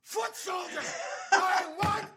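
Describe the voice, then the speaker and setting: An actor playing furious film tough guys, screaming with raspy, drawn-out yells, in a film scene. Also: male voice, extremely high pitch, a loud crowd, full character voice. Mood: raging. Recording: roomy noisy film clip playback.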